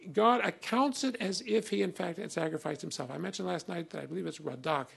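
A man's voice: high-pitched, a little fast, creaky, fairly bright tone, slightly rough. A man giving a conversational classroom lecture on old texts, reading passages aloud with emphasis between many fillers.

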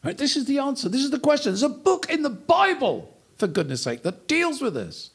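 A man giving a humorous lecture, telling a story as an animated, joking storyteller. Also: very high voice, brisk.

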